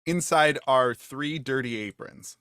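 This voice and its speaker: A man narrating a tabletop game as game master over a video call. He talks slowly and haltingly, with many fillers and restarts. The sound is dry and close. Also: mid-range voice, sharp tone, smooth, no echo.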